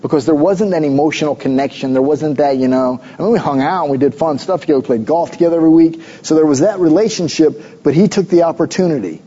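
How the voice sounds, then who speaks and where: A man's voice: fairly high pitch, quick pace, few pauses, mellow, husky, highs cut off. A middle-aged man preaching a sermon, mixing conversational storytelling with emphatic exhortations. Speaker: pastor.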